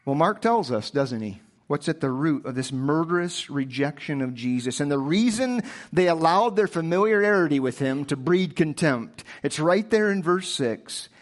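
A man's voice: a little high, animated, moderate pace, hardly any pauses. A male preacher delivering a sermon with emphatic rhetorical questions, often repeating himself as he presses a point.

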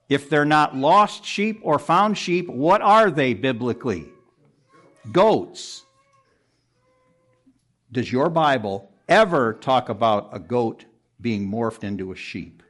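In a room before a congregation, a pastor delivers an expository sermon, earnest and pressing. His intonation is lively and his pace slow, jumping sharply up for emphasis and then falling low and quiet as verses end.

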